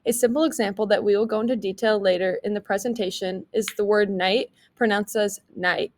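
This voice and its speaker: A young woman presents to her class. She reads her prepared script evenly in a voice of middle pitch. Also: steady tone, a little fast, a little mellow. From American Midwest. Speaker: student presenter.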